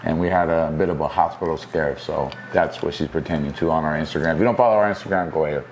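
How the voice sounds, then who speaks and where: Deep-voiced quick-talking man vlogger. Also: slight background noise. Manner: laid-back, retells in quoted dialogue. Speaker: vlog co-host. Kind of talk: casual storytelling to camera.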